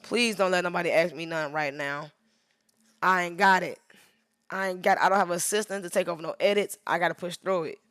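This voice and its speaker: A woman's voice: lowish voice, fairly quick, fairly bright tone, dry recording, studio quality. A woman photographer talking casually on a livestream while she edits, rambling and emphatic, drifting into preachy asides, sounding worn out. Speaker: photographer livestreaming her editing.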